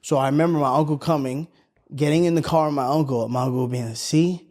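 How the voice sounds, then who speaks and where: A man's voice: a little high, steady tone, fast talker, a little mellow. A young man, a podcast co-host telling a story in casual chat, acting out the quotes and swearing freely.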